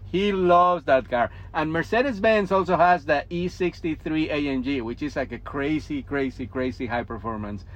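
A man's voice: on the high side, normal speed, hardly any pauses, fairly bright tone. A man on a car panel, talking with enthusiasm in loose, casual grammar. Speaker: car panelist with a YouTube channel.

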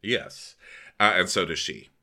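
A man's voice: low voice, unhurried, bright, forceful tone. A man co-hosting a podcast, recapping a reality show in snarky, profane, exasperated casual chat. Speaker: podcast co-host.

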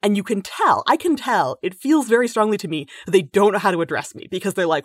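A woman talking in a casual interview as a guest, animated, acting out what others say in playful voices. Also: mid-range voice, fast, few pauses, no room sound. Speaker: guest linguist.

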